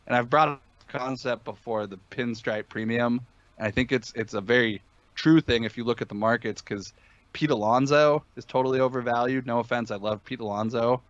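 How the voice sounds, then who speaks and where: A man's voice: medium pitch, steady tone, fairly quick, no echo, highs cut off. A man talking sports betting in a casual podcast chat, emphatic and opinionated, with many fillers and restarts.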